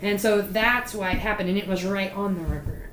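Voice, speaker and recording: A woman's voice: mid-range voice, fairly quick. A woman co-hosts a casual history podcast, rambling through the story with lots of fillers. The room rings a little around her voice, with a faint hiss underneath. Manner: chatty, animated storyteller with fillers. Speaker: podcast co-host. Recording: roomy with faint noise.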